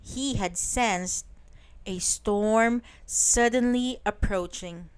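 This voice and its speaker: A woman reading a bedtime story aloud in a slow, soothing, clearly spoken way. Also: medium pitch.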